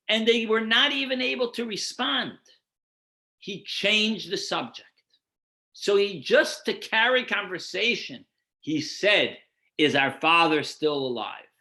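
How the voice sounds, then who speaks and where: A rabbi with a high-pitched, bright, forceful voice teaches a Torah class as an explanatory lecture. He poses rhetorical questions and answers them himself while guiding listeners through numbered source texts.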